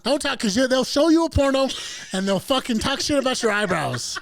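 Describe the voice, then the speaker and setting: A man's voice: very high voice, brisk, creaky, a little hiss or hum. A man co-hosting a podcast, telling a story in a casual, profane way and acting out the people in it. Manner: animated, profane, acts out other people's voices. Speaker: podcast co-host.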